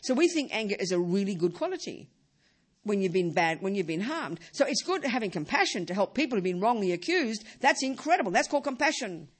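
A woman's voice: mid-range voice, big pitch swings, a little fast, breathy edge. Emphatic woman giving a Buddhist talk. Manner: emphatic, with rhetorical questions. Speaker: Buddhist teacher.

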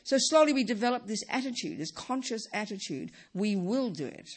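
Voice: mid-range voice, lively intonation, fairly quick, breathy edge. A middle-aged Buddhist teacher giving a dharma talk, emphatic and repeating key phrases.

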